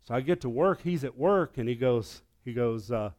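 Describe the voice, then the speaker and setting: A man preaching as pastor of his church, telling a story, dropping to a hush and then rising to loud, excited peaks. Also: medium pitch, a little fast, hardly any pauses. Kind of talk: sermon. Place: church sanctuary.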